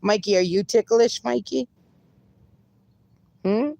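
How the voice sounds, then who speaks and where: A woman's voice: medium pitch, takes it slowly, creaky, warm tone, no room sound, lo-fi sound. A woman livestreaming, reading viewer comments aloud and bantering with them, laughing often. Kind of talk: casual live-stream chat.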